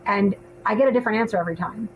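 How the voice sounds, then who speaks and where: Woman co-host, chatty with many ums, mid pitch, faint background noise. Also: very fast, highs cut off. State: hiccups. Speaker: podcast co-host, filmmaker. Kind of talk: casual panel chat.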